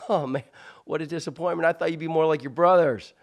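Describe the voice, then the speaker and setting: A man doing a higher, louder voice for a teasing football coach. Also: fairly even intonation, fast talker, lightly acted. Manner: mocking, teasing. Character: gruff joking male youth football coach.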